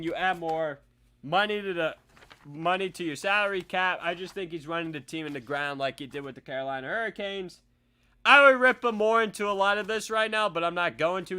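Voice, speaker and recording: A man hosting a casual sports talk show, giving opinionated takes that swing into loud ranting. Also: high voice. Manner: opinionated, ranting, often shouting.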